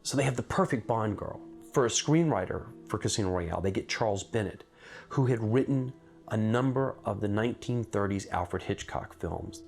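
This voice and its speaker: A man giving measured, scripted documentary narration. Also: fairly low pitch, creaky, darkish tone, soft background music.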